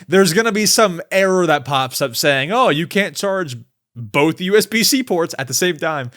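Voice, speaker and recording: A young male podcast host with a fairly high voice that leaps around a lot as he talks. He chats casually and excitably and often builds into fired-up, exasperated rants. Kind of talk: casual solo podcast ramble.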